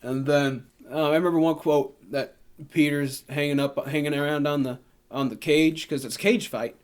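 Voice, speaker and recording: A man co-hosts a casual podcast, recapping a movie plot in a rambling way and acting out scenes in silly put-on voices. His voice is fairly high, steady in tone, and smooth, at a moderate pace.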